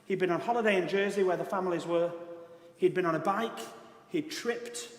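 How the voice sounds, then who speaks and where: A man's voice: sits high, brisk. A British man preaching a sermon as pastor, telling a story in an earnest, emphatic way. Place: large church hall. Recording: echoey church hall.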